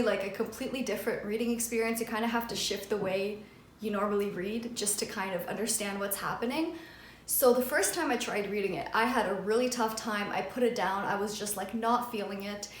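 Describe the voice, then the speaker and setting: A woman's voice: on the high side, echoey room. A woman book vlogger talking casually about what she has read, chatty and full of filler words. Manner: chatty, lots of "like" and "friggin'". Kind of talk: casual chat.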